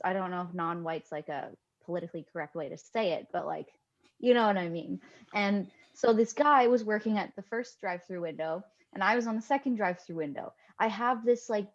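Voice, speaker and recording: Animated swearing woman, lo-fi sound. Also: medium pitch. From Canada. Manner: swears freely, animated storytelling. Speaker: podcast co-host. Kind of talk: casual podcast chat.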